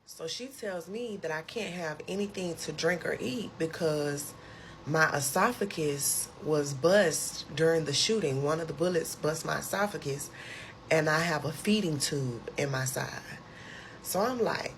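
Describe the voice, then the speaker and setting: Low-voiced woman telling a storytime. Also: moderate pace, slight background noise. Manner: animated, emotional retelling with lively quoted outbursts. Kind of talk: casual storytime.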